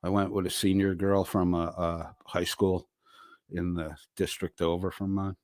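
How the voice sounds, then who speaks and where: A man's voice: sits low, little pitch movement, darkish tone, no echo, clean studio sound. A middle-aged man hosting a casual livestream, reading out chat messages and answering them with loose, profane banter. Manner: slow, drawling, profane banter.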